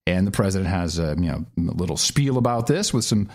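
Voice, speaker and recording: Sarcastic animated man co-hosting a podcast. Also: low voice, fast. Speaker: podcast co-host. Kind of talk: casual political commentary.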